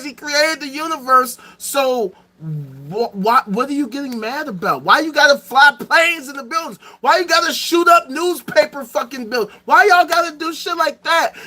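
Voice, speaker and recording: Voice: high voice, pushed and bright. A streamer host ranting to the chat in a profane, sarcastic and emphatic way. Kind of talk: livestream rant to chat.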